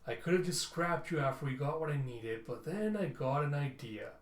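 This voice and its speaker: A man's voice: a little high, lively intonation, moderate pace, echoey room, natural voice. A man voicing a cruel, gloating lord who threatens a captured robot. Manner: gloating, menacing. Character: cruel scheming male robot-hating lord.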